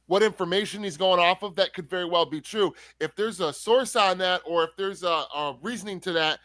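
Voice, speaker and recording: A man with a high, bright, forceful voice co-hosts a livestream. He sounds exasperated and swears openly. His sound is dry and close. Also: fairly quick, no room sound. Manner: exasperated, swears openly, calls people bro. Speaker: co-host. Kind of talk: heated casual chat.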